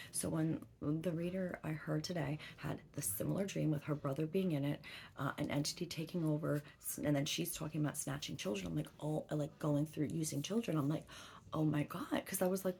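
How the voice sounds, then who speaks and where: Gravelly low-voiced woman, rambling. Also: darkish tone, slight background noise. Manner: swears freely, rambling storytelling. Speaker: tarot reader. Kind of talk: casual chat.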